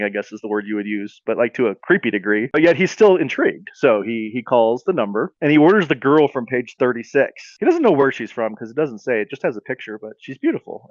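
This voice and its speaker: A man's voice: mid-range voice, dry recording. A man co-hosting a podcast, telling a comedic story in a rambling way with many fillers and restarts. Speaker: podcast co-host. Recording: dull dry podcast audio.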